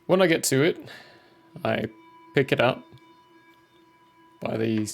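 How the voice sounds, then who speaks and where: A man playing a tabletop game, describing his character's actions deliberately step by step. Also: medium pitch, expressive, creaky, soft background music. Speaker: player. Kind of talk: casual tabletop game chat.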